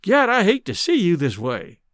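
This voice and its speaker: A gruff, scornful cowhand from the old West, blustering in a folksy drawl, played by a man. The voice sits high and swings widely, with a dry, close sound. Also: huge pitch swings, moderate pace, a bit bright, dry recording, exaggerated voice.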